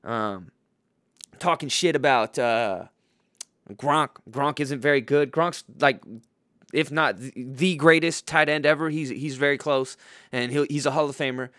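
A man's voice: mid-range voice, unhurried, fairly bright tone, dry recording, studio quality. Profane rambling man ranting picks. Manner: profane, rambling, with many fillers and restarts. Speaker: host making football picks. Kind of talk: casual profane rant.

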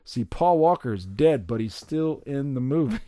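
A man chats and jokes with his friends on a home podcast, laughing between his lines. His voice sits at an average pitch and sounds close and dry on the mic. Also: expressive, a little slow, mellow, dry recording. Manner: playful, laughing, jokey asides. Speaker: podcast co-host. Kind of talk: casual chat. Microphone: podcast mic on a stand.

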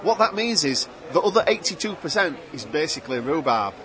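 A man's voice: fairly high pitch, sing-song, a little fast, fairly bright tone. A man talking up his product in jokey sales patter. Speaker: drinks producer. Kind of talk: casual interview chat.

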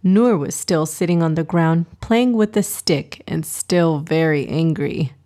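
A woman narrating a children's storybook in a gentle, expressive reading manner. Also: low voice, unhurried.

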